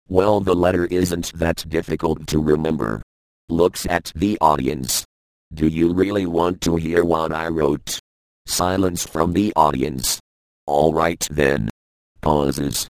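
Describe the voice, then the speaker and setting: Deadpan man, very low and unhurried, reads a comedy script with stage directions. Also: dry recording. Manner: deadpan, dull delivery. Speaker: comedian reading a stand-up script. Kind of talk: scripted stand-up read aloud with stage directions.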